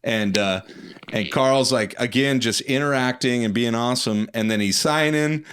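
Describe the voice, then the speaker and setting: An animated male podcast co-host telling a story in casual chat. His voice sits in an ordinary middle pitch. He acts out the people he quotes along the way. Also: moderate pace, smooth.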